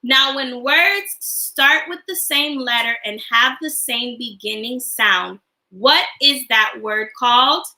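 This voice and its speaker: Female teacher, high bright voice, unhurried sing-song delivery to little kids on a livestream. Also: reverberant, poor audio. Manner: sing-song, cheerful teacher talk with call-and-response questions. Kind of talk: livestreamed classroom lesson for young children. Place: home, online class livestream. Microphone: computer or phone mic on a livestream.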